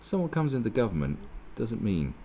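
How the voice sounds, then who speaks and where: A man's voice: mid-range voice, very animated, fairly quick, dark tone, a little hiss or hum. A man giving a sweary, sarcastic, rambling political rant with many restarts. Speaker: political commentator. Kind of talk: ranting monologue.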